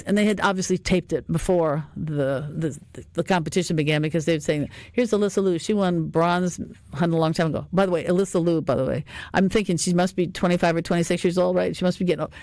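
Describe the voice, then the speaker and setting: A woman's voice: lowish voice, a little mellow, no echo. An older woman hosting a radio talk show, rambling and chatty with many fillers and frequent laughs. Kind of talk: casual radio chat.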